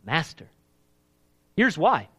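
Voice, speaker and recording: A pastor preaching a live sermon, animated and emphatic, often checking in with the congregation. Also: male voice, on the high side, slow pace, slightly rough.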